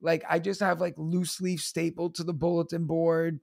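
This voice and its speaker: A man's voice: on the high side, creaky, dry recording, clean studio sound. A man in his thirties, a teacher and comedian, telling stories casually and acting out other people's lines. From New York. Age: 30s. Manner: animated, acts out other people's lines in quick bursts. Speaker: teacher and stand-up comedian guest. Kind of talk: casual storytelling interview.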